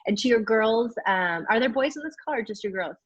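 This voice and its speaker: A woman's voice: on the high side, lively intonation, a little fast, breathy edge, dry recording. A woman in her forties, an athlete guest in a casual interview, talking candidly and enthusiastically with lots of fillers. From United States. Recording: dull, dry lo-fi call audio.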